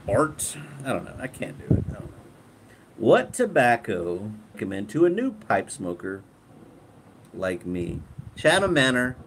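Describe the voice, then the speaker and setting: A relaxed man hosting a casual live stream, reading viewer comments aloud and laughing often. He talks slowly, and his pitch moves around a lot. Clear background noise runs under the recording.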